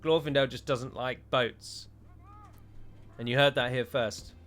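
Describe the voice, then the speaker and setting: A man's voice: mid-range voice, fairly even intonation, measured pace, a bit bright, soft background music. A man giving joking, rambling let's play commentary on a strategy game, with a sarcastic streak.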